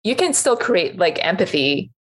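A woman chatting as a film podcast co-host, with a voice on the lower side for a woman. She talks in quick, animated bursts, full of filler words. She laughs easily. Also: slight background noise. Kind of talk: casual chat.

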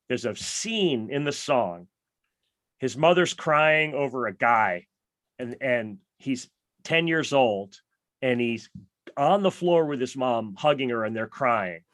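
A man hosting a podcast, talking casually and enthusiastically about music, full of "like" and quick asides. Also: medium pitch, a bit bright, no room sound, studio quality. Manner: enthusiastic, rambling, lots of "like". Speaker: podcast host.

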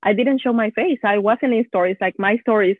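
Husky-voiced woman with a Spanish accent. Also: mid-range voice, no room sound. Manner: fast, animated, lots of "like" and quoting herself. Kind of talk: casual conversation. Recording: thin phone-like call audio, dry and husky.

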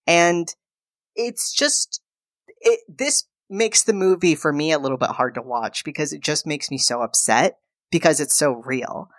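Low-voiced woman recapping a film. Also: measured pace, no room sound. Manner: animated retelling, acting out characters' lines. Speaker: podcast co-host.

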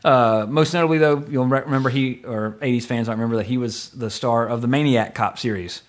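A middle-aged man hosting a podcast, rambling through a movie review with quick asides and casual swearing. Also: mid-range voice. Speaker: podcast host.

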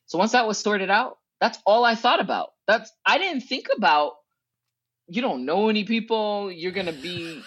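Animated woman from Southern California. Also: moderate pace, slightly rough, no room sound. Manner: animated, acts out her own past thoughts with big pitch jumps; swears casually and laughs between thoughts. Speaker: guest, educational consultant. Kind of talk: casual interview storytelling. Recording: dull, dry sound.

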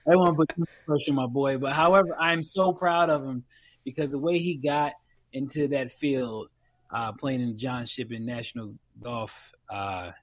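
A man's voice: medium pitch, fairly even intonation. A man co-hosting a podcast in casual chat, talking with many restarts and laughs. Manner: halting, lots of restarts and laughs. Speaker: podcast co-host.

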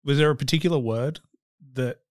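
A man's voice: mid-range voice, brisk, dry recording, studio quality. An Australian man hosting a podcast, chatting casually and playfully with his guest. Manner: chatty, playful, mimics accents. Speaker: podcast host. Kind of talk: casual interview chat.

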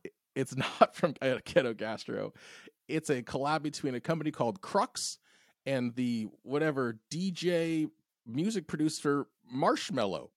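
A man's voice: medium pitch, lively intonation, moderate pace, dry recording, studio quality. A man co-hosting a podcast in casual chat, easygoing and laughing often. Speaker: podcast co-host.

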